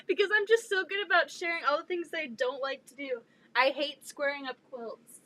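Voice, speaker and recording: A woman's voice: high voice, fairly even intonation, moderate pace, fairly bright tone. A young woman co-hosting a casual chat, teasing and laughing, with mock-dramatic groans.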